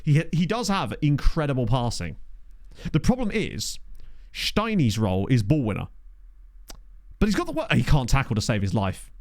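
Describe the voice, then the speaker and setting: A man's voice: medium pitch, wildly swooping pitch, moderate pace, long pauses, no echo, clean studio sound. A young man giving chatty, jokey commentary while playing a game and thinking aloud. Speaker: gaming commentator. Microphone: studio desk mic.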